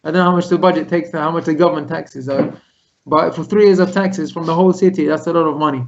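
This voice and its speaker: A man's voice: a little high, quick pace, highs cut off. A man, a rabbi, telling a Torah story to his congregation over a video call, acting out the characters' lines as he goes. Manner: animated retelling, voicing characters' lines.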